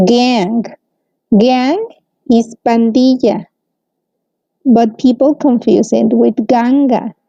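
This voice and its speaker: Woman teaching a lesson, slightly high, very mellow voice, patient repeated "okay". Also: dry recording. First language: Spanish. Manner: slow, careful explaining with frequent "mm-hmm" and "okay". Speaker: English teacher. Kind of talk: recorded language lesson. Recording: dull, muffled, close and dry.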